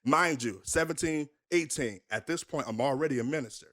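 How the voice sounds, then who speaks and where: A man's voice: fairly high pitch, fairly quick, fairly bright tone. A young man, a minister, telling his life story candidly in an interview, emphatic and full of rhetorical questions.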